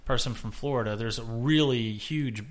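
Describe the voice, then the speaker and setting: A chatty American man hosting a podcast. He talks at an easy mid pitch in a loose, conversational way, trailing into quick asides. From United States. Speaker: podcast host. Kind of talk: casual chat.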